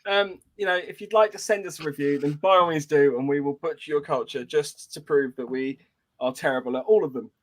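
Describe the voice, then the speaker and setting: Rambling podcast co-host. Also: male voice, on the high side, fairly quick. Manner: rambling, many fillers and restarts. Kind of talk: casual podcast banter.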